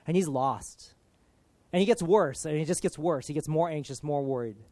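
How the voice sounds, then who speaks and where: A man giving an informal, conversational sermon, earnest and full of casual filler, swinging from loud emphasis down to soft, hushed lines. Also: on the high side, normal speed, no room sound. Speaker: preacher.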